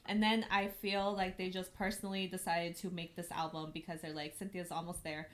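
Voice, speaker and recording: Woman podcast co-host, relaxed, wry casual chat. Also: lowish voice, a little fast.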